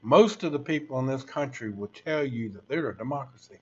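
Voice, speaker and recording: A man's voice: mid-range voice, animated, fairly quick, a little mellow, slightly rough. Sixties male streamer, rambling preachy rant over a muffled computer mic. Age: 60s. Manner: rambling, preachy, addresses viewers as folks. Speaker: livestream host. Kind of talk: casual livestream rant.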